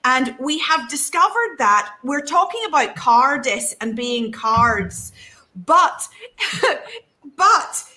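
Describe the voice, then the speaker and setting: A woman with a Northern Irish accent hosts a live ministry show, with a high, bright voice. She moves from quick, laughing chat to emphatic preaching. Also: big pitch swings. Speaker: host, preacher.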